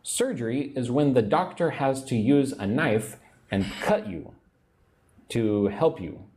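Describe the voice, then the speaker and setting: A man teaching an English lesson on a livestream, chatting, reading out viewer comments, and drilling words slowly. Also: medium pitch, expressive, darkish tone. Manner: chatty, reads viewer comments aloud, slow drilled pronunciation.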